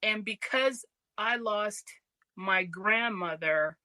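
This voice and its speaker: A woman co-hosting a casual podcast chat who tells animated stories and acts out the voices of people in them. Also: mid-range voice, slow, no echo. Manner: animated, acts out quoted voices, laughs easily. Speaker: podcast co-host.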